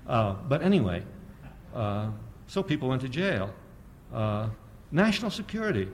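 A man giving a public history lecture, sardonic and animated, firing off rhetorical questions and often chuckling at his own points. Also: mid-range voice, moderate pace, a little hiss or hum.

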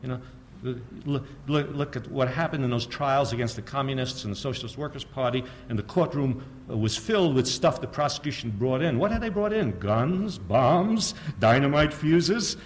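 A man giving a public history lecture, sardonic and animated, firing off rhetorical questions and often chuckling at his own points. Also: mid-range voice, normal speed, hardly any pauses, slight background noise.

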